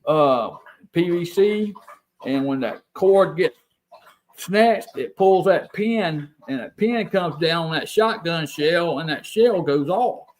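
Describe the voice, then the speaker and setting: This Alabama man, a property owner who records sounds, talks slowly and with animation in a somewhat high voice and a Southern American accent. Appearing as a plainspoken guest in a relaxed radio interview, he tends to say things twice to drive them home.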